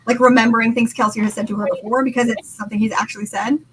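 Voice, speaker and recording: Excitable woman gushing over a book. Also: on the high side, racing, slight background noise, low-quality recording. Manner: excitable, laughs often, reads quotes aloud. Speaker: podcast co-host. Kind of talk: casual book discussion.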